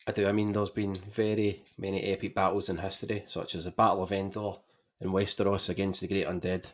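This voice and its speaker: A man's voice: low-pitched, flat delivery, a little fast. A man co-hosting a casual chat on a video call, teasing and mock-epic. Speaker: co-host.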